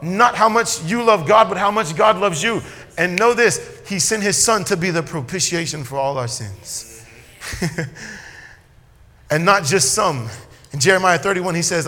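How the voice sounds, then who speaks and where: A man preaching a sermon as a pastor, swinging between loud emphatic lines and quiet asides. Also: fairly high pitch, moderate pace, big-room sound.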